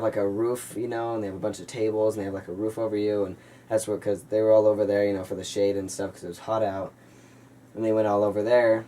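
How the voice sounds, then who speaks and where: A young man vlogs to camera, retelling a personal story earnestly and at length, with plenty of fillers and the occasional acted-out quote of what people said. His voice is on the low side and mellow. The recording is rough, picked up from a distance with a little hiss or hum.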